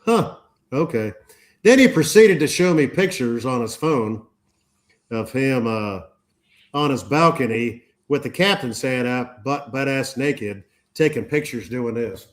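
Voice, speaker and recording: A man tells a travel story at a relaxed pace. His pitch swings widely and he laughs as he goes, with the loose, chatty delivery of a guest among friends. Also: measured pace. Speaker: panel guest. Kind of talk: casual storytelling.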